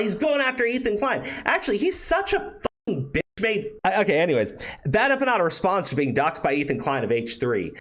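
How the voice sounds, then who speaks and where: A young man hosting online commentary, talking in a profane, incredulous, animated way with lots of fillers. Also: sits high. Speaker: commentary host.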